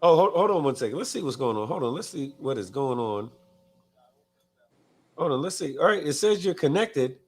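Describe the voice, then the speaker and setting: A man's voice: on the high side, very animated, moderate pace, breathy edge. A man co-hosting a live online biker talk show, chatting loosely, reading viewer comments aloud and cursing casually. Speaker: podcast co-host. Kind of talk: casual live-stream chat.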